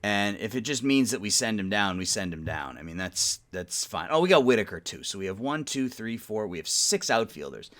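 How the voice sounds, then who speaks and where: Low-voiced man musing through a sports sim. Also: expressive, fairly quick, few pauses, a bit bright. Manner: thinking aloud, sleepy, yawning often; mutters trade talk to the game's teams. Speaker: gaming YouTuber playing a baseball management sim. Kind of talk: casual let's-play commentary.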